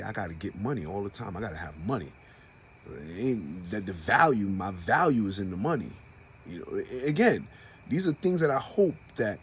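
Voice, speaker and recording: A man hosting a personal podcast, talking openly and with passion, dropping low and quiet, then rising loud and high. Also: a little hiss or hum. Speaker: podcast host.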